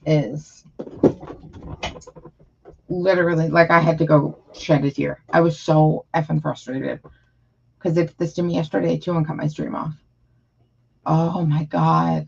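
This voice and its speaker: A woman's voice: low-pitched, measured pace, vocal fry, breathy edge, muffled recording. A woman chatting casually on her live stream, rambling and frustrated, with lots of fillers.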